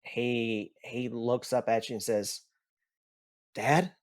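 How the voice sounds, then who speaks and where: A man narrating a tabletop game as game master, in a slow and rambling way with restarts. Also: medium pitch, flat delivery, darkish tone.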